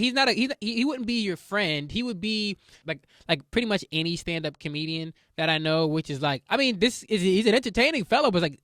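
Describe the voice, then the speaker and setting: Young man, high and smooth-voiced, solo podcast host, casual and profane. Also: a bit bright, no room sound, studio quality. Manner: rambling, profane storyteller.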